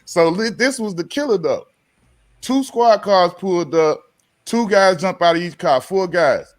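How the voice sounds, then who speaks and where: High-voiced man telling a story. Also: unhurried. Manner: animated, slangy, acts out both sides of the exchange. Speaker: podcast guest, former pro basketball player. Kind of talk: casual storytelling.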